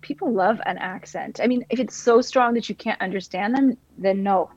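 A woman's voice: medium pitch, moderate pace, a little mellow, a little hiss or hum. A woman co-hosting a podcast, adding chatty, agreeable remarks. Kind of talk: podcast conversation. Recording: dull dry sound.

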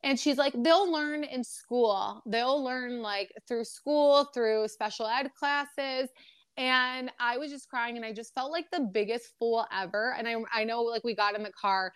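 A woman's voice: a little high, a little slow, a bit bright, clear, resonant tone, no room sound, clean studio sound. A young adult woman co-hosting a podcast, telling a personal story in a rambling, emotional way with lots of fillers. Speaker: podcast co-host. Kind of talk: casual chat, personal story.

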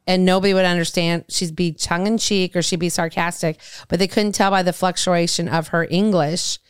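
A woman's voice: on the low side, fairly even intonation, brisk, clean tone, no room sound, studio quality. A woman co-hosting a podcast in casual chat, telling stories and acting out what people said. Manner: chatty storytelling, acting out quoted voices. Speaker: podcast co-host.

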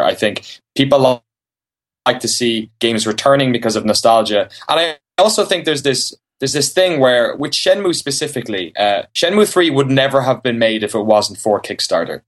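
Guy on a gaming podcast, animated and chatty, middle pitch, keeps restarting his sentences. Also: brisk. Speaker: podcast guest, games journalist. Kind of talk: casual podcast chat.

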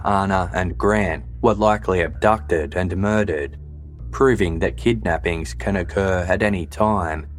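Low-voiced male narrator for a true-crime podcast, measured and sober, faint music underneath. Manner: measured, even, sober delivery.

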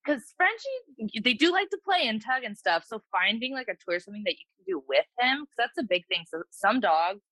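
Woman, dog trainer; animated, expressive, sharp-toned delivery. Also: fairly high pitch, fairly quick, no room sound, poor audio. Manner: animated, acts out what dogs think in playful voices. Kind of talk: casual advice chat.

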